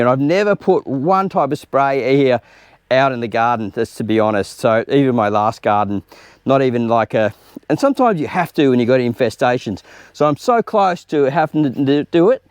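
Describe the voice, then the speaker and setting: A man with an Australian accent talks through a gardening job in an informal, chatty way, as if explaining to a friend while he works. His voice sits at an ordinary middle pitch. The sound is dry and close, with little room echo. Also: expressive, normal speed, smooth. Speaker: home gardener host. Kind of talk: casual gardening tutorial. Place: outdoor home garden.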